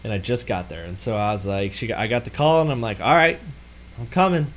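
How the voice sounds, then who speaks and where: A man's voice: lowish voice, sing-song, fairly quick, fairly bright tone, slight background noise, rough recording. A man co-hosting a podcast, recounting a travel mishap in casual chat and laughing often. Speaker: podcast co-host.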